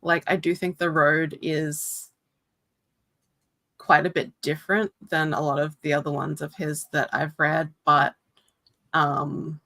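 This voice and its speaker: A woman's voice: low voice, sharp tone, dry recording. A woman chatting casually, rambling with frequent fillers. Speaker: co-host. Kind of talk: casual chat.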